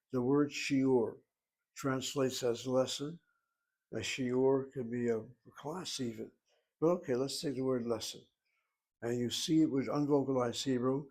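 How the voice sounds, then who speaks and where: A man's voice: medium pitch, darkish tone. Methodical man teaching Hebrew grammar. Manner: methodical, explains pronunciation step by step; thinks aloud with rhetorical questions. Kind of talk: recorded lesson lecture.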